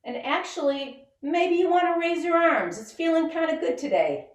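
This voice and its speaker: A woman's voice: very high voice, animated, moderate pace. A woman leading a children's yoga and mindfulness lesson, giving upbeat, encouraging step-by-step instructions. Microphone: camera set back from her. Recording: roomy sound from a distant mic.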